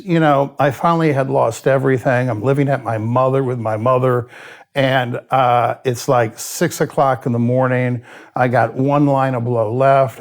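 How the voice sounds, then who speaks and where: A man's voice: medium pitch, gravelly. A man, a guest in an interview who tells his story candidly, bluntly and with a lot of swearing, and sometimes laughs at himself. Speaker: addiction expert guest.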